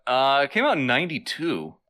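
A man's voice: mid-range voice, wildly swooping pitch, fairly quick, bright, forceful tone. A man co-hosting a casual comedy podcast, quizzing his partner and laughing easily. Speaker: podcast co-host.

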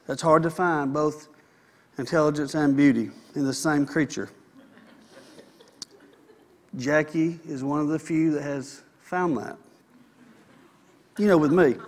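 A man preaching a sermon in a folksy, conversational way, with asides to the congregation. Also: high-pitched. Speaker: pastor.

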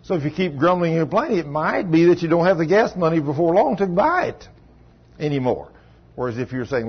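A man's voice: a little high, big pitch swings, a little fast, husky. A man preaching an informal sermon to his congregation, in a folksy, rambling way. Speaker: pastor. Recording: dull lo-fi sermon recording.

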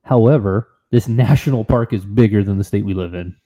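A man with a deep, dark voice tells a story in casual conversation. He talks with animated excitement and keeps the tone relaxed and chatty. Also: fairly quick. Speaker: podcast co-host.

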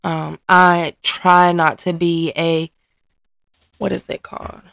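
A woman's voice: lowish voice, flat delivery, slow, creaky, a bit bright, no room sound. A woman hosting her own podcast, talking candidly and hesitantly about her life, often restarting and searching for words. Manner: earnest and emotionally open. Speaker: podcast host and mother. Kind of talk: candid personal podcast monologue.

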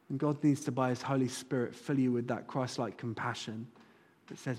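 A man's voice: medium pitch, steady tone, moderate pace, few pauses, darkish tone. A man preaching a sermon as a church pastor, earnest and rising to fervent appeals. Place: church sanctuary. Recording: long hall reverb.

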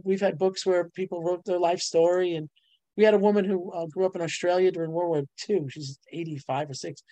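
Middle-aged woman, bubbly storyteller, dry close sound, animated guest. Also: on the low side, no room sound. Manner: bubbly storyteller, laughs often, voice jumps up on punchlines. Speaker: guest, ghostwriter and publisher. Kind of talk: animated casual interview talk.

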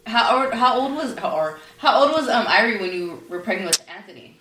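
A woman's voice: on the high side, expressive, normal speed, bright, forceful tone, husky, rough recording. A woman in her twenties co-hosting a podcast in casual chat, reacting with shocked, swearing outbursts. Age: 20s. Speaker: podcast co-host.

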